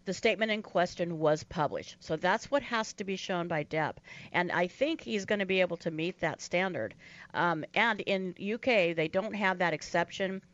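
A woman with a lowish voice lays out the legal steps steadily, with frequent ums and uhs. She sounds like she is on a discussion panel, and the audio is dull and lo-fi. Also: normal speed. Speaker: legal commentator.

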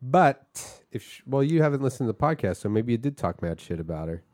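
A man hosting a casual podcast chat, telling stories with lively bits of impression. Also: mid-range voice, fairly quick, dry recording. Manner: animated storyteller, slips into impressions. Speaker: podcast host.

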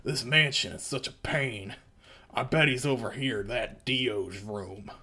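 A man's voice: mid-range voice, unhurried, pushed and bright, husky, full character voice. A man voicing a nervous, cocky cowboy gunman with a drawling twang while reading a comic aloud. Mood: grumbling.

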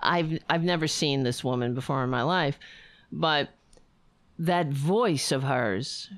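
Woman host, casual reaction commentary, sarcastic, swears a lot, unhurried. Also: low voice, animated, no room sound. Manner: sarcastic, profane ranting. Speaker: streamer reacting to video.

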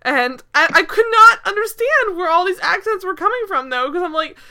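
A woman's voice: very high voice, expressive, normal speed, pushed and bright. A woman co-hosting a podcast, chatting casually about a TV episode in a rambling way, full of "like" and restarts. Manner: rambling, heavy use of "like", frequent restarts. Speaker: podcast co-host. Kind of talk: casual chat reviewing a TV episode.

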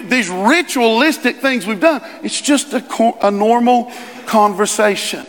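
A man delivers a sermon in a high, bright register. He talks to the congregation like a friend, slipping in quick asides and then pushing up into emphatic, rising lines. The sound carries a long reverb from a large church hall. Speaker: pastor.

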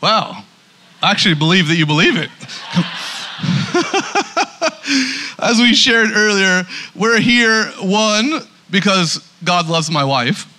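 Male pastor, high tenor, very bright and forceful, emphatic sermon delivery with restarts. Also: animated, a little slow, slight background noise. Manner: emphatic, repeats words when starting sentences.

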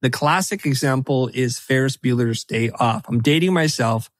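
A middle-aged man talking as a podcast guest in an animated, emphatic way, often breaking into quick quoted asides. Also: medium pitch, no room sound. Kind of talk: animated conversational podcast talk.

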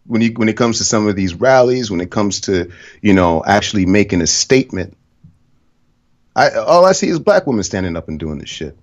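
A man's voice: on the low side, big pitch swings, fairly quick, muffled recording. A man hosting a podcast, talking bluntly and profanely in casual conversation. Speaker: podcast host.

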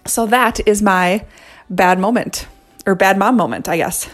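A woman's voice: mid-range voice, unhurried, soft background music. Chatty woman telling a funny story. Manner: chatty, self-deprecating, many "um" and "like". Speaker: guest storyteller. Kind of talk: casual storytelling.

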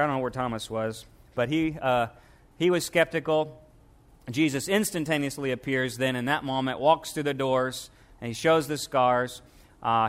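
A man's voice: medium pitch, a bit bright, clean tone. A middle-aged male pastor preaching a sermon in a conversational way, asking rhetorical questions and acting out quotes.

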